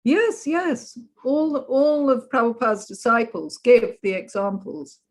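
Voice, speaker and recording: A woman's voice: fairly high pitch, expressive, measured pace. A woman joining a video call chat, talking enthusiastically and effusively. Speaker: participant. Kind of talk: casual chat.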